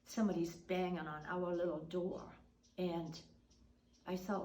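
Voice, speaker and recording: An older woman recounting a childhood memory in a conversational way, her voice often trailing off quietly. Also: lowish voice, little pitch movement, moderate pace, a little hiss or hum. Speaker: storyteller. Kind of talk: oral history storytelling. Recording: roomy echo.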